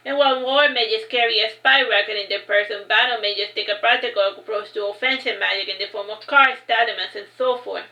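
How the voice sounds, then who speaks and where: A woman's voice: a little high, steady tone, fairly quick, hardly any pauses, pushed and bright, roomy sound, poor audio. A woman reading her own fantasy novel aloud in first person, unpolished, with frequent restarts.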